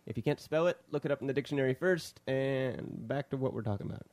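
A man's voice: mid-range voice, fast talker, a little mellow. A man hosting a casual film review podcast, rambling and joking with lots of restarts. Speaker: podcast host.

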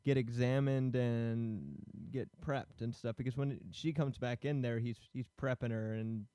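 A man in relaxed podcast banter asks questions about a film and curses cheerfully at his own mistakes. His voice is dry and close to the mic. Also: mid-range voice, unhurried, clean tone, no room sound. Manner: swears freely, jokey and self-deprecating. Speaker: podcast co-host. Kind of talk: casual film discussion.

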